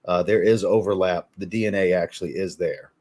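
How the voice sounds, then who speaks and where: A man's voice: low-pitched, a little fast. A man talking casually on a livestream about fragrance, a boastful storyteller. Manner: boastful, animated storyteller who acts out quotes. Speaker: fragrance reviewer, guest on a livestream.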